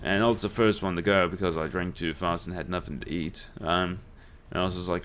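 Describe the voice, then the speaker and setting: A man's voice: sits low, fairly even intonation, brisk, few pauses, a bit bright, a little hiss or hum. A young man, telling swear-laden stories and laughing as he plays a game. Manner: swears freely, laughs through his stories. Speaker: let's play host. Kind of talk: casual storytelling over gameplay.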